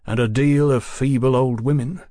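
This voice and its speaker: A man voicing a calm, worldly guide who speaks in a measured way, in an audiobook. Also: mid-range voice, no echo, close to an everyday voice.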